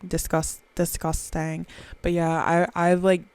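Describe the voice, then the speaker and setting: A woman's voice: fairly low pitch, monotone, slow pace, a little mellow, smooth, no echo, rough recording. A woman, rambling through a profane, self-mocking solo podcast chat very close to the microphone. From Southern US. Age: 20s. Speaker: podcast host.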